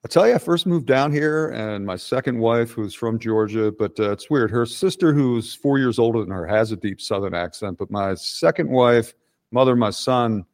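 A man's voice: medium pitch, moderate pace, a little mellow. A middle-aged man guesting on a podcast, talking bluntly and profanely in a casual chat, with frequent restarts.

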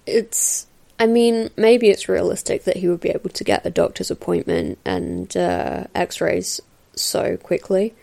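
This podcast host, recording on a new mic, rambles casually through a film commentary, dotting it with fillers and small laughs. She speaks a little slowly in a lowish, warm voice marked by vocal fry.

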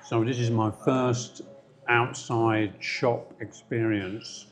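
A man's voice: mid-range voice, fairly even intonation, takes it slowly. A man from North London with a London accent, co-hosting a casual podcast from a coffee shop and telling jokey stories. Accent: London English. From North London, England. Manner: wry, joking storyteller. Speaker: podcast co-host. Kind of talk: casual chat.

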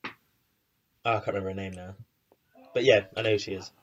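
A man's voice: deep voice, steady tone, quick pace, lo-fi sound. A man, a podcast co-host chatting casually and animatedly. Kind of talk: casual chat.

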